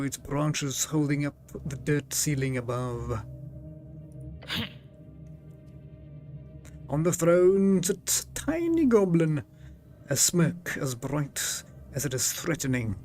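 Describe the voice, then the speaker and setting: A man hosting a live game stream in a slightly high voice. He talks slowly and easily, breaking into laughter between lines of the game's text. Faint music runs behind him. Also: darkish tone. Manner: chatty and giggly, laughs often.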